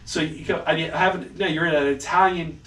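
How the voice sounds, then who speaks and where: A male podcast co-host with a highish, slightly bright voice talks briskly and with fairly even intonation. In casual chat he tells lively stories, acts out quotes, and swears freely, captured in an echoey room by a distant mic with faint hiss.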